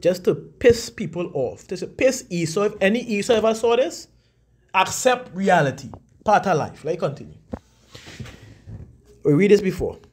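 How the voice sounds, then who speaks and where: A man giving a casual scripture lesson, talking conversationally and slowing down to read definitions aloud. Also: sits high, darkish tone, breathy edge. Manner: frequent fillers and restarts. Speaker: religious teacher.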